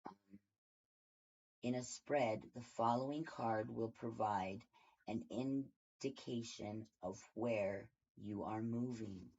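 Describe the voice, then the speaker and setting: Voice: medium pitch, slow, creaky, darkish tone, breathy edge. A tarot reader giving a casual daily reading from home, rambling and thinking aloud with many fillers. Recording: dull lo-fi recording.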